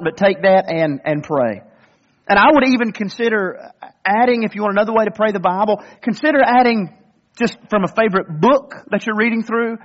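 A man with a high voice preaches a sermon in an earnest, conversational manner, often stumbling and restarting his phrases as he speaks to his congregation. The recording is somewhat dull and lo-fi. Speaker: pastor.

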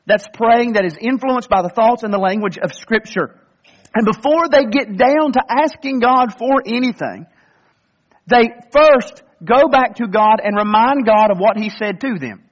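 A man's voice: very high-pitched, measured pace, dull audio. A male pastor delivering a sermon in an earnest, conversational way, often restarting his sentences.

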